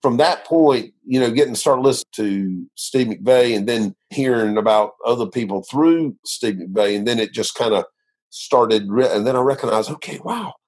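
Husky male minister, earnest rambling storyteller, conversational interview. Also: medium pitch, normal speed, a little mellow. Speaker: minister sharing his testimony.

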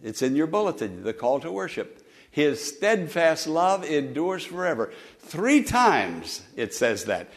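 A male pastor delivering a sermon, his fairly high voice rising loud for emphasis and then dropping to soft, low asides. He calls on the congregation to repeat lines back to him. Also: very animated, a little slow. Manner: leads the congregation in call-and-response.

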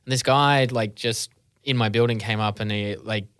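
A man's voice: lowish voice, steady tone, moderate pace, a bit bright, smooth, no room sound, clean studio sound. A man, a guest on a podcast, telling a laid-back story and swearing now and then. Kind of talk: casual chat.

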